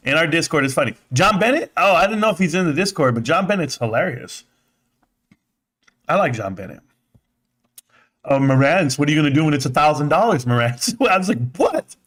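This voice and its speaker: A man hosting a casual live stream, reading chat aloud and thanking viewers by name. He rambles in an animated, sometimes profane way and says he feels out of breath. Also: fairly high pitch, fairly quick, pauses often. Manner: rambling, animated, swearing, laughs often.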